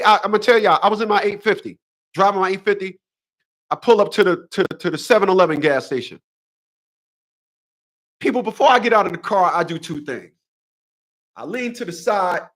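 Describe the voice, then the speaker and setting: A man's voice: sits high, fairly bright tone. A man in his fifties hosting a casual livestream monologue, emphatic and preachy, often repeating his phrases. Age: 50s. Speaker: host.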